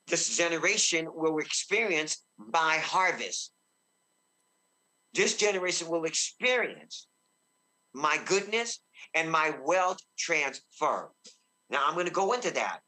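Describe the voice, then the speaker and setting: A man preaching fervently as a guest minister, shouting bursts of praise and slowing to a deep, solemn tone when he quotes God. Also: lively intonation. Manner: slows and deepens when quoting God. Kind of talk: excited preaching in a talk show interview.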